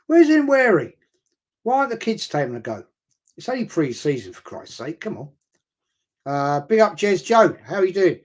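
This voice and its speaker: A middle-aged man chatting through a live football watch-along stream, rambling and excitable and swearing freely. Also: fairly high pitch, husky.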